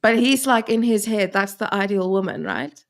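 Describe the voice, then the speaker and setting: A woman's voice: medium pitch, animated, normal speed. A woman with an Afrikaans accent from South Africa, co-hosting a casual chat and telling stories with lots of laughs and quoted asides. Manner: giggly storytelling with quoted asides. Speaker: co-host.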